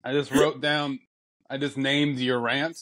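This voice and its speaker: A man's voice: mid-range voice, level tone, a little slow, a bit bright, poor audio. A man co-hosting a podcast in casual chat, teasing his co-host and laughing often.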